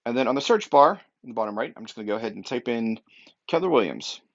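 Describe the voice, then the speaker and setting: A man's voice: medium pitch, lively intonation, fast, highs cut off. Upbeat man giving a training walkthrough. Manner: upbeat and emphatic, with frequent fillers. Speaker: real estate technology trainer.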